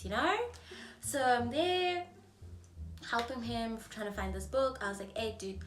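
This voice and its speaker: A woman in her twenties with a South African accent, telling a storytime on her vlog in a chatty, animated way and acting out the people in it. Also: a little high, a little slow, pauses often, reverberant, distant mic. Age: 20s. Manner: animated, chatty, acts out dialogue in shifting voices. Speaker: vlogger.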